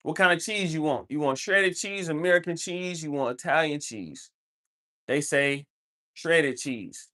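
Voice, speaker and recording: Chatting loosely on stream, a speaker wanders from thought to thought, constantly addressing viewers and leaning on the filler "you know what I'm saying." The delivery is measured, in a mid-range voice that sounds bright and forceful.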